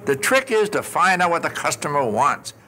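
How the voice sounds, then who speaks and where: An older man giving a motivational talk on customer service, an animated storyteller who acts out his anecdotes with punch before a live audience. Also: fairly high pitch, normal speed.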